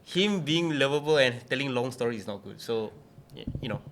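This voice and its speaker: A man's voice: mid-range voice, lively intonation, fairly quick, a bit bright, slight background noise. A man hosting a casual podcast chat, upbeat and hyping, often filling in with "okay" and "very interesting.". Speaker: podcast host.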